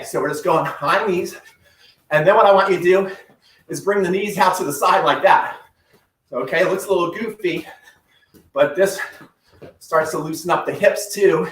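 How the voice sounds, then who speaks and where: A high-pitched man leads a home workout as a tennis coach, calling out drills with upbeat energy while he exercises. He sounds set back from the mic in a roomy, echoey space. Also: fairly bright tone, recorded from a distance. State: breathing heavily at times. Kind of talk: live-streamed home workout instruction. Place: room at home.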